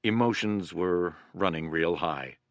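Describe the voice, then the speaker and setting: Man doing a gruff sergeant, blunt and cussing, low and quiet, dry sound. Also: measured pace, no echo. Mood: grim. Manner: blunt, cursing, subdued. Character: gruff male army sergeant recalling anger.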